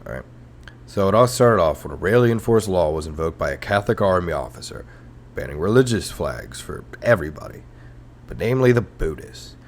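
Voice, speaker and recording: A young adult man hosts a comedy history podcast in a casual, irreverent rant. His voice sits somewhat low, and he talks with dry sarcasm, frequent swearing and loose fillers. It sounds close-miked, like a home podcast setup. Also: very animated, fairly quick, a little hiss or hum. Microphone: headphones and podcast mic.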